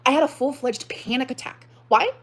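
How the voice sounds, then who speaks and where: A young woman livestreaming, reacting with fast, heated, profane outbursts that swing up to shouting. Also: high-pitched, breathy edge. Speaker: livestreamer reading and reacting to a post. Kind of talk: emotional livestream rant.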